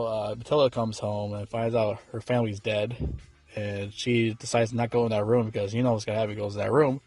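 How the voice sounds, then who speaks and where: A man's voice: medium pitch, no echo. Man, casual movie recap, profane and rambling, dry close sound, faint music behind. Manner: profane, rambling, many fillers and restarts. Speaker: movie reviewer.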